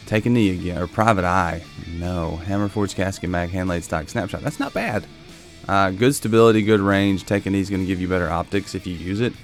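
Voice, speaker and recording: A man hosting a casual gameplay video, musing and thinking aloud as he looks through gear. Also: sits low. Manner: relaxed, musing, thinks aloud while browsing weapons. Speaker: gaming video host.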